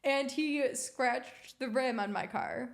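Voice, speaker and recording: This young adult podcast co-host has a high-sitting voice with vocal fry and speaks slowly. In casual chat she tells stories with animation and performs what people said.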